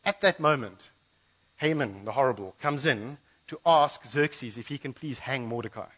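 Man preaching an animated sermon. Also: medium pitch, moderate pace, low-quality recording. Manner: animated storytelling, voices the Bible characters. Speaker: pastor. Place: church.

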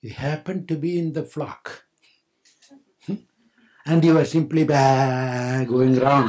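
Slow, playful older man telling a parable. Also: mid-range voice, level tone, darkish tone. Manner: playful, laughing, acts out voices in the story. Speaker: spiritual teacher. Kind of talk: storytelling sermon.

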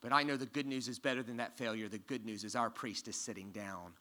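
A man preaching a sermon to a congregation from a church stage, quizzing the listeners and swinging from loud emphasis to hushed tones. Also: fairly low pitch, quick pace, hardly any pauses. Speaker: pastor.

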